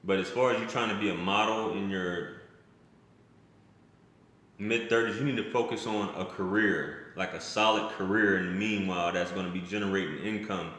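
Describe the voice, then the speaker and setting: A man's voice: sits low, steady tone, moderate pace, fairly bright tone. Blunt rambling man in an echoey room. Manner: rambling and blunt, restarts often, uses slang. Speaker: vlogger telling a story. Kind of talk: casual storytime monologue.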